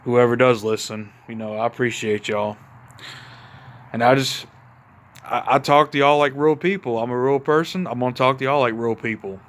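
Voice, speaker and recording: A man's voice: medium pitch, moderate pace, a bit bright. A man from Mississippi with a Southern accent, chatting casually into his phone camera in his backyard at night, a little tipsy after a couple of beers. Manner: laid-back, rambling, addresses viewers as y'all. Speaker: vlogger. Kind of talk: casual outdoor chat to camera.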